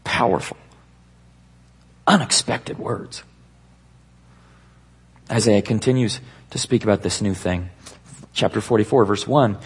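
A man preaching a sermon to a live congregation, with an emphatic, slow, dramatic delivery. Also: fairly low pitch, husky.

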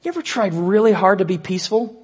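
A man preaching an earnest sermon, dropping to a hush and slowing down to stress key points. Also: sits high, animated, slight background noise. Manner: earnest preaching with hushed, slowed emphasis. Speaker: pastor.

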